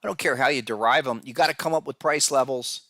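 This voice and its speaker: A man's voice: medium pitch, fast, bright, forceful tone, no echo, studio quality. A man hosting a podcast, giving casual market analysis, who talks to viewers directly and often repeats words as he goes. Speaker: podcast host and trading analyst.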